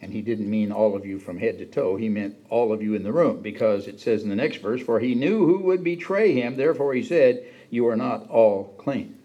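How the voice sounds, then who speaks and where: A man's voice: fairly low pitch, moderate pace, few pauses, dark tone, lo-fi sound. A man preaching a sermon in a conversational way, acting out the quoted lines with a raised voice. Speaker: pastor.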